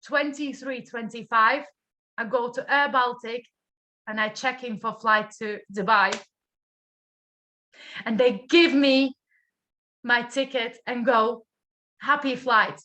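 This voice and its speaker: Bright-voiced Latvian woman telling a motivational story. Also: a little high, slow pace, long pauses. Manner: animated, emphatic storyteller acting out dialogue; drops articles in English. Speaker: speaker at a business training.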